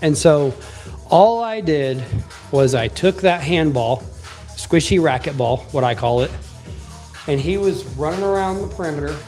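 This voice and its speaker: Young man, somewhat high voice, lively emphatic storyteller, faint music under him. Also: moderate pace. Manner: animated, emphatic, swears casually. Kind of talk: casual storytelling.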